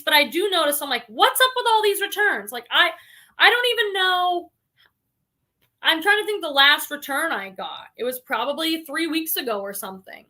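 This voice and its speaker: A woman hosts a relaxed livestream and talks freely with her viewers. Her voice is high and sharply bright. She reads their comments aloud and fills her talk with "like" and "um". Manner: frequent "like" and "um" fillers. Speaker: reseller livestream host. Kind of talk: casual livestream chat.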